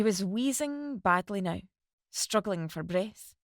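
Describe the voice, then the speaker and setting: A woman reading a dramatic novel aloud as narrator, in steady storytelling. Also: mid-range voice, unhurried, dry recording, studio quality. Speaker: audiobook narrator.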